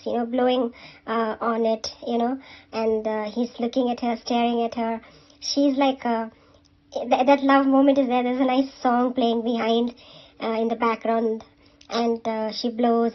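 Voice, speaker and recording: A chatty woman, recapping a serial episode at a fairly high but level pitch. She fills her talk with "uh" and "you know" and turns to scold or cheer the characters directly. The recording is a little dull and lo-fi. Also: level tone, normal speed.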